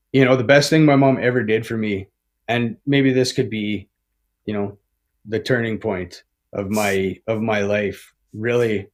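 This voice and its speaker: A man in his forties, a podcast guest telling his recovery story candidly, swearing a lot, tagging lines with "right?" and "man" and restarting often. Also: fairly low pitch. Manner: rambling with frequent restarts.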